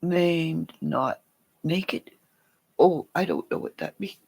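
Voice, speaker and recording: A woman chatting casually to viewers on a livestream, rambling and sometimes dropping into soft whispers. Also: low voice, takes it slowly, creaky. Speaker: livestream host.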